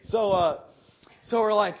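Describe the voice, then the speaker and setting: A middle-aged man preaching a sermon as an animated storyteller, bursting into shouts and laughter. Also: sits high, unhurried. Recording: dull lo-fi recording.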